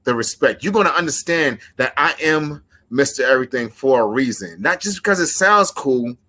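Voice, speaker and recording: A man delivers a wrestling promo in a forceful, bright voice. He speaks in a measured, emphatic way and squares up to his opponent. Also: mid-range voice, expressive.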